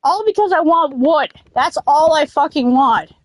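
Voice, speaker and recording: In this casual let's-play chat, a woman with a high, expressive voice talks at a measured pace. She's a gaming streamer who rambles, slides into silly tangents, and curses at the game in abrupt bursts of anger.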